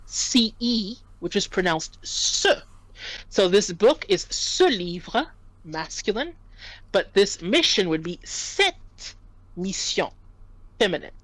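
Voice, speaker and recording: A woman's voice: mid-range voice, no echo, low-quality recording. A woman tutoring French in a casual lesson, patiently explaining and spelling out words.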